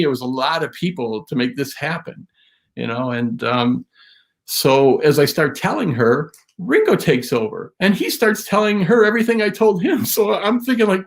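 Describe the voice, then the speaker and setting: Guest man, gravelly voice, casual storyteller who rambles, restarts and gets animated. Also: a little high, normal speed. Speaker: guest drum historian.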